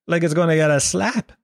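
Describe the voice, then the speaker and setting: A man's voice: a little high, creaky, no echo, studio quality. A middle-aged Irish man doing a crude, rambling comedic monologue, acting out voices as he goes.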